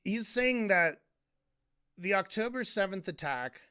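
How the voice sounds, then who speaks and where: A man's voice: sits high, animated, unhurried, sharp tone, smooth. A man streaming a casual commentary rant, exasperated and sarcastic, swearing often.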